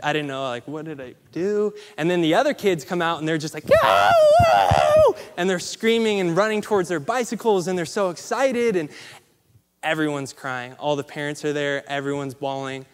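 A man's voice: a little high, fairly quick, slight background noise. A man giving a motivational storytelling speech, acting out the people in his stories. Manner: animated storyteller acting out quotes. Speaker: motivational speaker. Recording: long hall reverb.

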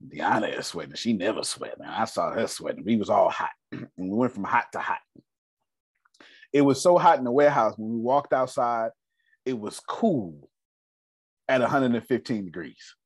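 A man hosting a group call as a business coach, animated, laughing often and repeating his key points. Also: mid-range voice, normal speed, pauses often, slightly rough, dry recording, clean studio sound.

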